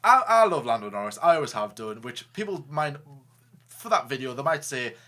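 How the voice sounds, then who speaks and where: A man co-hosting a casual racing talk show, joking, animated and stumbling over restarts. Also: medium pitch, brisk. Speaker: co-host. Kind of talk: casual chat.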